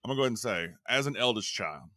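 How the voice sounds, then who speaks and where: A man's voice: lowish voice, lively intonation, very fast, pushed and bright, no echo, studio quality. A man co-hosting a podcast, chatting casually and bluntly about a book, swearing a lot. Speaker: podcast co-host.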